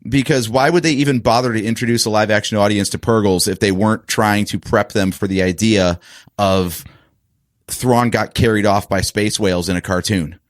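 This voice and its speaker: A man's voice: lowish voice, steady tone, moderate pace, no room sound, clean studio sound. A man co-hosting a casual podcast review, chatting in a laid-back, teasing way. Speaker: podcast co-host.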